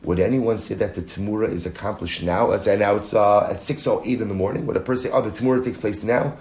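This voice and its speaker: Lively rabbi teaching Talmud, low voice. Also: male voice, echoey room. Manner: animated, explains aloud, reads Aramaic quotes quickly. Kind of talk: Talmud lecture.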